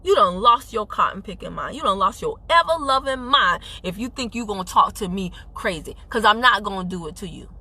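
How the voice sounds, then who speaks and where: A woman's voice: medium pitch, lively intonation, brisk, hardly any pauses, pushed and bright, slightly rough. A woman giving an emphatic, sassy motivational talk on a live stream, speaking into a phone while driving her car. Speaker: network marketing team leader.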